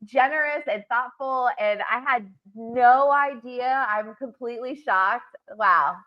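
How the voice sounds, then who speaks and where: A middle-aged woman co-hosting a casual chat podcast, excitable and gushing, quick to laugh. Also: on the high side. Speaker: podcast co-host. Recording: dull lo-fi audio.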